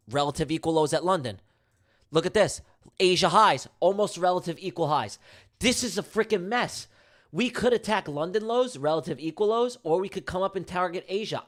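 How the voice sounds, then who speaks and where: A man streaming his live day trading, talking casually and emphatically to his chat with slangy, repetitive banter and jokes. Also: high voice. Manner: slangy, emphatic, repeats himself; jokey banter with viewers.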